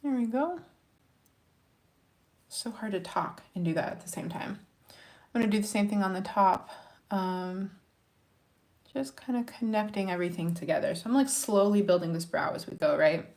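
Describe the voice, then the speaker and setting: Woman, young adult, casual makeup tutorial, chatty, encouraging, talking while working, medium pitch. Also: moderate pace, gravelly, darkish tone. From Montana, USA. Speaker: makeup vlogger.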